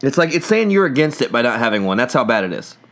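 A man's voice: medium pitch, sing-song, fast, a bit bright. A man co-hosting a casual sports podcast, rambling and joking with many restarts. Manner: rambling, jokey, frequent restarts. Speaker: podcast co-host.

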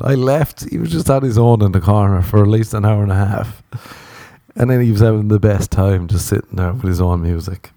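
A man's voice: fairly low pitch, moderate pace, warm tone, no echo. A man, a comedian telling a rambling, profane anecdote in casual chat and laughing through it.

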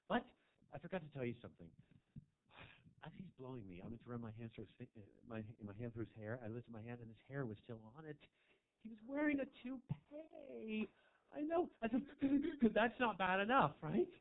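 In a tinny, phone-like live recording from a small club, a comedian from Marin County, California does a crude, camp set. His voice is a little high and fairly quick with big pitch swings, rambling through a story with asides to the audience.

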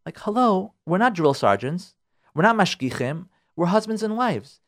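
A man preaching as a rabbi, his voice high and swinging widely in pitch. He repeats himself for emphasis and slips into quick mock voices of nagging spouses. It sounds like a radio talk. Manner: animated, repeats phrases, acts out nagging spouses. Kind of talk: lively sermon on marriage. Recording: radio broadcast.

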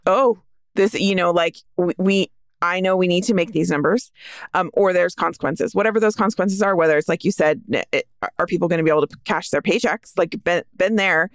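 A woman's voice: lowish voice, fairly quick, no echo, clean studio sound. A female podcast co-host, a practice management consultant, speaking earnestly and casually.

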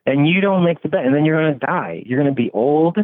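A man in casual conversation, musing at length with lots of "like" and frequent swearing. His voice sounds thin and narrow, like it comes through a phone, and the sound is completely dry with no room around it. His pitch sits at an ordinary middle range. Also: animated, fast, no room sound. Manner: rambling, philosophical, swears freely, many fillers.

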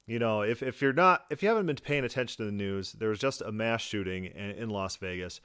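A man hosts his podcast in a quick, sarcastic run of commentary, mocking the clips he plays. His voice is smooth and clear, a little low for a man. The sound is dry and close. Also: a bit bright, dry recording. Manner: sarcastic, fast-talking, mocking. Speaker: podcast host. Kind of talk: argumentative commentary.

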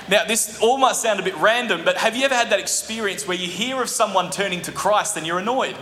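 A male pastor preaching an animated sermon, with joking asides to the congregation. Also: high-pitched, fast, few pauses. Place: church hall. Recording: echoey hall recording.

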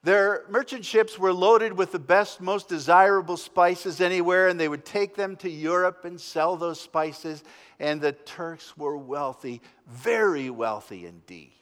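A male pastor preaching a sermon as a story, dramatic, swinging between loud and hushed. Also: sits high, a little slow, long reverb tail. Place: church.

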